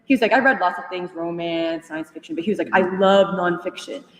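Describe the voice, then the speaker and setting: A young woman retelling a conversation to a study group, animated and full of fillers, laughing as she goes. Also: on the low side, brisk. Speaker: union member sharing at a study group. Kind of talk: casual storytelling in a group discussion. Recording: echoey hall, voice from far off.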